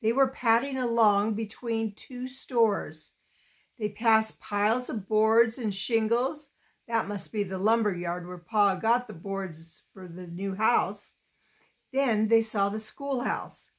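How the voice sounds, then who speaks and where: A woman reading a children's novel aloud, taking her time with each line. Her voice sits fairly high and moves along at a slow, careful pace. She gives the story small expressive touches. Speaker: storybook reader.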